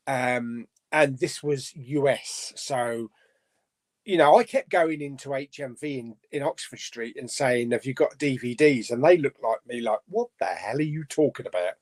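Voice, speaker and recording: A man's voice: medium pitch, measured pace, a little mellow. A man hosting a casual live stream chat, reading out viewer comments and chatting about them.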